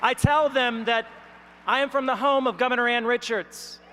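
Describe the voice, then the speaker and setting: A woman from Texas, giving a rousing political speech at a convention, building up to shouts. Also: fairly high pitch, fairly even intonation, normal speed, big-room sound, a little hiss or hum. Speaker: convention speaker. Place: large convention hall.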